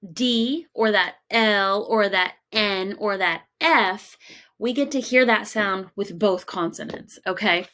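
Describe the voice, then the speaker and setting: A woman teacher speaks slowly and gently in a recorded phonics lesson for children. Her voice sits a little high. She keeps asking questions and pauses to let them think.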